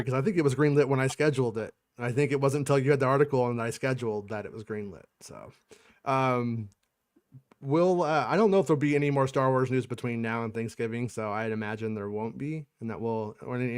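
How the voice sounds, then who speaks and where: Male stream host, loose and profane, trips over his words, mid-pitched. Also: quick pace, a little mellow. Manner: rambling, profane, frequent restarts. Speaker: podcast host. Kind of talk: casual livestream chat.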